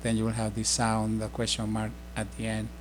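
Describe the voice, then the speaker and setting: A middle-aged man giving a casual spoken language lesson, explaining slowly with many fillers and restarts. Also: lowish voice, monotone, a little hiss or hum. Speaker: language teacher.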